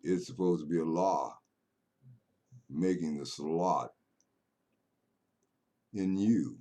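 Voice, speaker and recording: A man preaching a sermon, swinging between loud raised lines and low murmured passages. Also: slow. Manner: preaching with rising chanted bursts and low murmured stretches.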